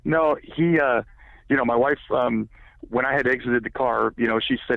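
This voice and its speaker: A man recounts a personal story on a podcast, circling back on himself and filling gaps with stock phrases. His voice has a gravelly, creaky edge. It comes through a narrow, tinny, phone-like line with a dry sound. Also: medium pitch, moderate pace, no room sound. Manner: rambling, heavy with filler words. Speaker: guest.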